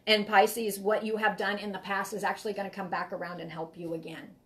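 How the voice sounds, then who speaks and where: A woman's voice: mid-range voice, little pitch movement, fairly quick, fairly bright tone. A woman giving a live tarot reading, talking in a rambling, heartfelt way and often repeating herself. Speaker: tarot reader.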